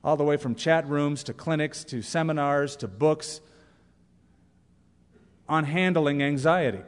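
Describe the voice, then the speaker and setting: A man preaching a sermon as pastor, lively and humorous, reading out examples and scripture. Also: fairly high pitch, measured pace. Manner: animated, reads quotes with humor. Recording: long reverb of a church hall.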